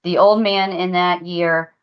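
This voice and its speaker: A woman with a low voice recounts psychic impressions to her co-hosts in an earnest, drawn-out way. Her casual podcast talk comes through as dull, lo-fi audio. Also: steady tone, smooth. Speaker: paranormal podcast co-host.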